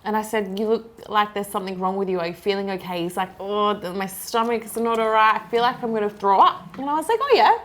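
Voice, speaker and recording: A young woman, co-hosting a casual podcast chat over a meal and telling a story in a quick, amused way. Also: medium pitch, fairly even intonation, fairly bright tone. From Australia. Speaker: podcast co-host.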